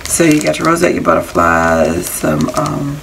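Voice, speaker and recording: A woman's voice: low-pitched, very animated, measured pace, vocal fry, a little hiss or hum, poor audio. A woman casually showing off craft supplies she bought, rambling a little and reading out prices and item numbers. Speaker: crafting haul vlogger.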